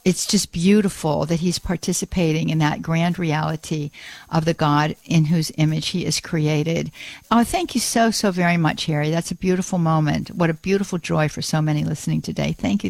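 A woman's voice: sits low, creaky, darkish tone, no room sound. A woman hosting a religious call-in radio show, gushing and repeating words of praise. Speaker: radio host.

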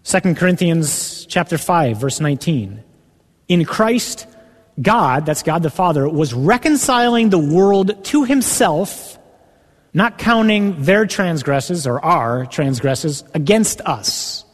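A man's voice: fairly high pitch, very animated, takes it slowly. Preaching man in a reverberant hall. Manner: earnest, builds to emphatic rising passages when quoting scripture. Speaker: priest. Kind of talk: sermon.

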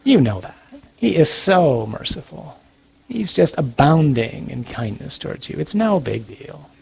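A man voicing a sly little devil on the shoulder, coaxing and falsely reassuring in a soft, hushed delivery. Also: a little high, big pitch swings, a little slow, creaky, a little hiss or hum, full character voice.

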